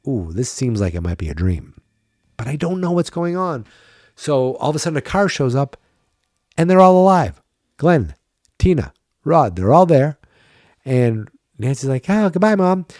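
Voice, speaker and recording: A man's voice: medium pitch, very animated, moderate pace, a little mellow, dry recording, clean studio sound. A tired man hosting a podcast, chatting wryly and thinking aloud in a casual solo recap. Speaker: podcast host.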